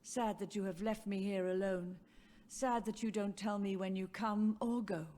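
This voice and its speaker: A woman's voice: medium pitch, fairly even intonation, moderate pace, lightly acted. A woman voicing a frail old mother, grieving. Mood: sorrowful. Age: older. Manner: soft, wandering, sorrowful. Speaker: game character. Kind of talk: video game dialogue.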